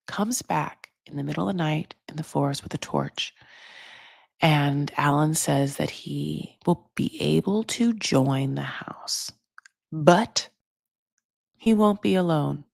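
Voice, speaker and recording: A woman's voice: low voice, gravelly, dry recording, studio quality. A woman giving a casual, rambling recap of a reality show, full of "like" and "you know". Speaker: recap vlogger.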